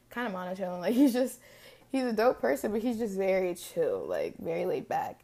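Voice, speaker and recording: A woman in her early twenties speaks into her own podcast, reflecting on grief in a loose, unscripted way. She fills her sentences with "like" and "um" as she thinks aloud. Her voice sits at an ordinary middle pitch for a woman. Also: dark tone. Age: early 20s. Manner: casual, reflective, frequent "like" fillers. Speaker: podcast host. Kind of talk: personal storytelling monologue.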